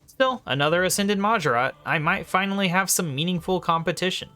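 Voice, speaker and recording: A man's voice: high-pitched, brisk, sharp tone, faint music behind, pitched above the performer's own voice. A man reading the lines of a scheming, mocking male god from a game aloud. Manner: reads game dialogue in a slightly raised voice.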